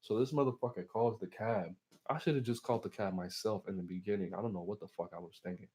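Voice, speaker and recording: A man's voice: lowish voice, fast, darkish tone. A man telling a rambling, profane story as he casually talks to his viewers. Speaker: channel host.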